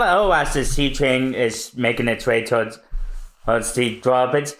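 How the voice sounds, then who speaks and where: A podcast co-host reading a manga aloud, narrating the panels between lines in an unhurried way. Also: medium pitch.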